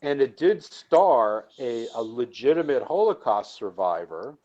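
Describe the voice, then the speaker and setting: A man's voice: medium pitch, big pitch swings, unhurried, muffled recording, noisy background. A man chatting casually on a live call, enthusiastic and prone to repeating words as he starts a thought. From United States.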